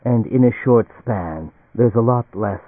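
A man's voice: unhurried, no room sound, natural voice. A man voicing a weary, mocking ancient entity. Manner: quiet, low and bitter. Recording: dry, tinny phone-like audio.

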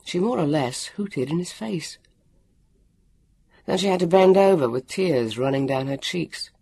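A man reading a storybook aloud, with a lively, expressive delivery and acted voices. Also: a little high, measured pace, gravelly, breathy edge, dry recording. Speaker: audiobook narrator. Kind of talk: storybook narration.

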